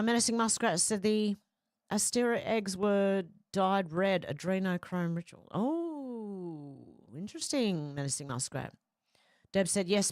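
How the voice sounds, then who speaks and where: A woman's voice: fairly low pitch, no room sound, clean studio sound. A middle-aged woman, hosting a casual livestream and reading viewer comments aloud in a chatty way. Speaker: livestream host reading chat. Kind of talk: casual chat.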